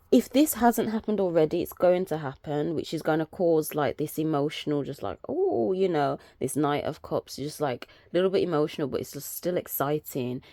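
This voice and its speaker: Chatty low-voiced woman reading tarot. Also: mellow, no echo. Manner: chatty, rambling, filler-heavy. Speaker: astrology and tarot reader. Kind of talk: casual weekly energy update.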